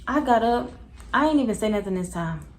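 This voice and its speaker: A young adult woman telling a casual storytime to her viewers, animated and slangy. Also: on the high side, a little fast, low-quality recording. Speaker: vlogger.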